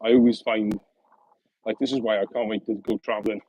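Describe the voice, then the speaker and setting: A man's voice: on the low side, fairly even intonation, a little fast, mellow, lo-fi sound, slight background noise. A young man with a Welsh accent, chatting casually to viewers on a live stream from outdoors, often laughing as he reads out and answers comments. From Wales. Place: outdoors on an early summer evening. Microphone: phone on mobile data.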